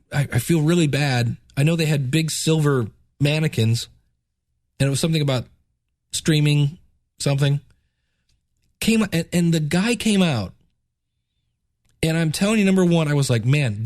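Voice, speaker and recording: A man hosting a podcast, telling stories in a casual, animated way and jumping into quoted voices. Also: fairly high pitch, no echo, studio quality. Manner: playful, jokey phrasing. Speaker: podcast host. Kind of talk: casual solo podcast storytelling.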